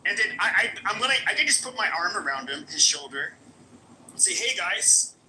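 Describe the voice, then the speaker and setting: A man's voice: sits high, big pitch swings, quick pace, bright, forceful tone, slight background noise, poor audio. A man hosting a live stream, talking in a crude, mocking and rambling way with many restarts. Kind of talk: profane casual live-stream chat.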